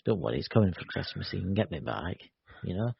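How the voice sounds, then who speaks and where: Scottish guy on a stream, gravelly husky low voice, dull lo-fi call audio, teasing and joking. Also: very animated, quick pace, no echo. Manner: joking, teasing, lots of "you know". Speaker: co-host. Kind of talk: casual live-stream chat.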